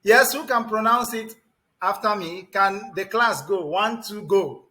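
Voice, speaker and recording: A man teaching English pronunciation to a class, repeating words slowly and emphatically and calling on students by name. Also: high voice, sharp tone. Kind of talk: classroom lesson.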